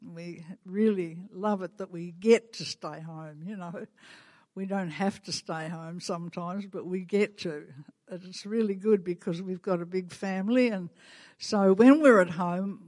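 A woman's voice: lowish voice, darkish tone, no room sound. An older woman with an Australian accent, speaking as a guest at a church and laughing often as she chats. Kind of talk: church talk.

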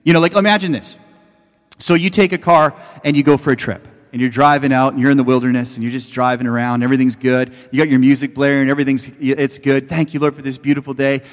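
A man's voice: medium pitch, steady tone, fast, big-room sound. A man preaching a sermon as a pastor, telling stories in a conversational way and building to fervent exclamations.

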